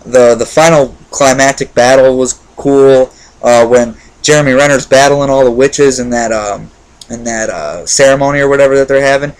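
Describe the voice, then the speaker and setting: A man's voice: medium pitch, steady tone, moderate pace, smooth, low-quality recording. Rambling casual male movie reviewer. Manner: rambling, many fillers and restarts; enthusiastic.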